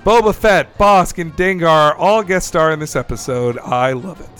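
A man hosting a casual podcast discussion, enthusiastic and quick to laugh, who shares trivia. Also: fairly high pitch, fairly bright tone, smooth, soft background music. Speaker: podcast host.

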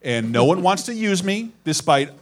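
A man's voice: high voice, very animated, moderate pace. A man hosting a live podcast in front of an audience, rambling and self-deprecating, with plenty of swearing. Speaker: podcast host. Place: live show before an audience.

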